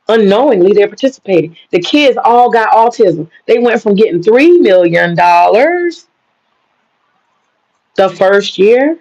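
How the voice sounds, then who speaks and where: A blunt, angry American woman, a vlogger, rants straight at the camera and swears constantly. Her voice has a gravelly, fry-heavy edge, and the dull, lo-fi recording makes the sound muffled. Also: medium pitch, a little mellow. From United States. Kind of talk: profane ranting monologue.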